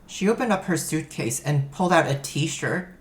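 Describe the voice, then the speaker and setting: A woman's voice: low voice, animated, moderate pace, slight background noise. A woman giving dry, matter-of-fact first-person story narration.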